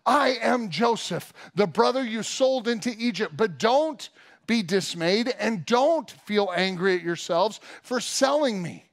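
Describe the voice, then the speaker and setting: Joseph, a man voicing a tearful forgiving ruler. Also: full character voice. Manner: earnest, pleading, raised pitch.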